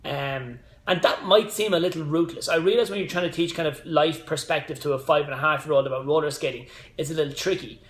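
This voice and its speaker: Chatty fitness coach, echoey room. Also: male voice, on the high side, fast talker. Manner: chatty, rambling with side notes and motivational asides. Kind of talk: casual live-stream monologue.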